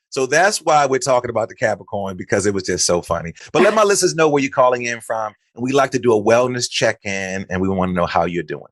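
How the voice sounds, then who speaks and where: A man's voice: mid-range voice, expressive, fast, few pauses, no room sound, clean studio sound. A man from Chicago hosting a podcast, chatting casually and playfully as he talks up his guest. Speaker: podcast host. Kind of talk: casual interview chat. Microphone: studio mic.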